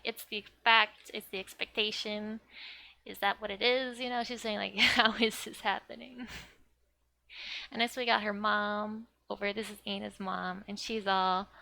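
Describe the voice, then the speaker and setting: Slow, gravelly, bright young woman teaching. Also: medium pitch. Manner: chatty, laughs often, filler "like". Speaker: language teacher. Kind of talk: casual explanatory lesson.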